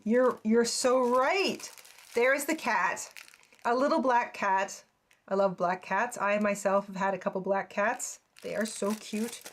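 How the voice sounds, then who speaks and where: A woman's voice: mid-range voice, a little hiss or hum. A woman hosting a crafting channel, chatting casually and gushing over each piece with frequent exclamations and little laughs. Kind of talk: casual unboxing chat.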